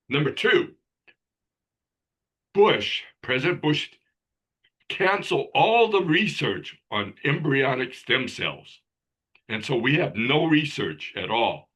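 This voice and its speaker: Slow husky man doctor. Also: medium pitch, fairly bright tone. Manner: halting, restarts often. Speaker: guest doctor. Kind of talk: casual talk on a video call. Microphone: video call.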